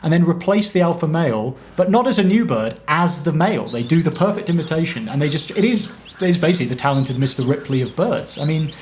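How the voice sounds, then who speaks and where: A man's voice: a little high, animated, a little mellow, a little hiss or hum. A man hosting a show and talking eagerly with a guest, sharing examples as he goes. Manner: enthusiastic, quick to share examples. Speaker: show host. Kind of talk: conversational interview.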